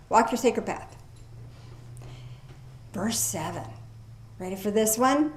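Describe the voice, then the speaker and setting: A woman preaching a sermon in a lively, folksy way, reading scripture aloud slowly and commenting with casual asides. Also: mid-range voice. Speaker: pastor. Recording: echoey room.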